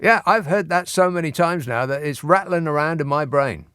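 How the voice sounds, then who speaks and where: A man's voice: a little high, moderate pace, fairly bright tone, clean tone, no echo. A man hosting a radio phone-in, talking in a dry, sardonic way. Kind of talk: late-night radio talk.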